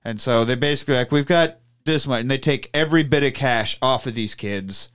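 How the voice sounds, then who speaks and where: A man's voice: medium pitch, fairly quick, smooth. A man casually recapping a movie plot with profanity, acting out the characters' lines as he goes. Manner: profane, animated storytelling with acted-out quotes. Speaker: podcast host.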